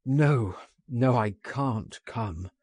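A man's voice: medium pitch, drawn-out words, a little mellow, breathy edge, dry recording. A man reading an audiobook, voicing a frightened, despairing man who dreads arrest and speaks in a pleading, trembling way. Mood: anguished. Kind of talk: audiobook character voice.

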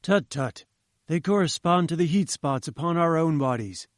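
A pompous old professor lectures in a slightly raised, self-satisfied voice, as a male reader puts him on. Every phrase is condescending, explaining grand theories to someone he thinks is slow. The recording is close and dry. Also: a little high, animated, no room sound, pitched above the performer's own voice, close to an everyday voice. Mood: patronizing. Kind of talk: audiobook reading.

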